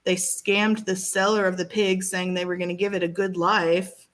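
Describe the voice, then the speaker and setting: A woman's voice: lowish voice, flat delivery, normal speed, a bit bright, poor audio. A woman co-hosting a casual talk show, speaking with strong feeling and many restarts. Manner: emotional, rambling with many restarts. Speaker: podcast co-host. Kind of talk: casual chat.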